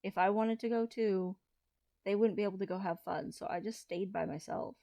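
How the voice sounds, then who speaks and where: A trans man in his thirties, talking through a personal confessional vlog in a low-key, hesitant way with frequent restarts. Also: steady tone, moderate pace, vocal fry, a little mellow, no echo. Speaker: vlogger.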